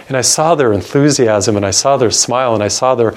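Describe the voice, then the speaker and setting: An older man, a Catholic priest, telling a personal story in an earnest sermon and slowing down to stress key words. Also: medium pitch.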